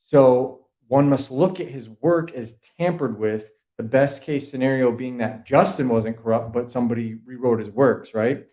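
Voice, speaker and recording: A man's voice: medium pitch, normal speed, few pauses, dark tone. A man with a Boston accent, a podcast guest lecturing in a rambling, profane way during a casual video call chat. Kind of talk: casual conspiracy-history chat.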